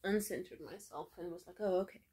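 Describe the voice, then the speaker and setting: A woman's voice: lowish voice, fairly quick, breathy edge. Young woman ranting casually, profanity-laced. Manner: profane, heavy filler words, animated retelling. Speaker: vlogger. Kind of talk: casual storytelling rant.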